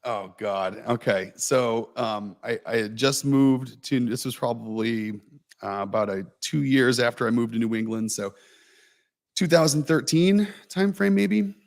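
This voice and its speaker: A man's voice: medium pitch, unhurried. A man co-hosting a casual livestream, telling a long, rambling, self-mocking anecdote full of fillers and restarts. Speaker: co-host telling a story.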